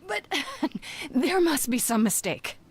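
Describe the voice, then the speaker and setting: A steady, determined young muse in a video game. She talks slowly and carefully, and her voice rises and falls with lively inflection. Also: high-pitched, heavily acted. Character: determined young woman muse, patient and direct.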